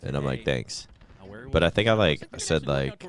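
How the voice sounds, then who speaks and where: A man with a very low voice hosts a stream. He chats casually and tells loose, profane stories. He acts out other people's lines as he goes. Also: lively intonation, brisk. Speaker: streamer host. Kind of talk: casual chat, telling stories.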